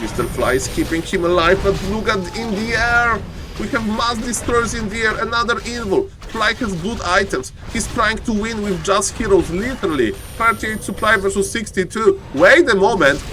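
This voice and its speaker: Man, high voice, excitable game caster, keeps saying ladies and gentlemen. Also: normal speed, over music. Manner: excitable, repeats "ladies and gentlemen", rises to loud urgent calls. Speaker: esports caster. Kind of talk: live game commentary.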